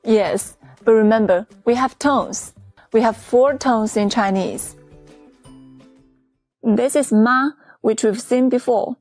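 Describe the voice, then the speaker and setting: A woman's voice: on the high side, slow, long pauses, warm tone, no echo, faint music behind. Patient woman teaching in a dry studio. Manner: clear, patient, explaining step by step. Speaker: Chinese teacher. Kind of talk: scripted lesson narration.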